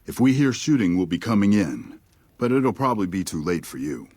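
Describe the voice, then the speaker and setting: A weary army lieutenant gives blunt, matter-of-fact orders in video game dialogue. His low, husky voice rises and falls a good deal and sits in a dry, close recording. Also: very animated, fairly quick, a little mellow, dry recording. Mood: resigned.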